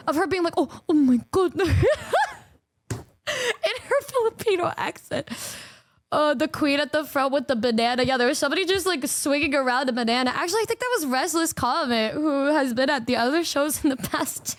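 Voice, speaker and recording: A woman streamer chatting casually to her fans, excitable and giggly, swearing freely. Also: high voice, dry recording, studio quality. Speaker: singer and streamer.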